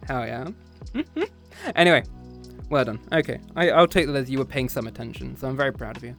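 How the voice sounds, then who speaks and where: A man's voice: mid-range voice, very animated, moderate pace, pauses often, faint music behind. A man streaming a casual chat with his viewers after a history lesson, playful and teasing, often slipping into meows and growls.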